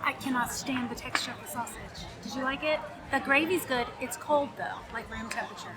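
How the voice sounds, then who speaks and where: Blunt high-voiced woman at a crowded festival. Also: fairly quick. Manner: blunt, dismissive. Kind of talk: casual food-tasting chat. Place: busy outdoor festival. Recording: crowd and outdoor noise behind.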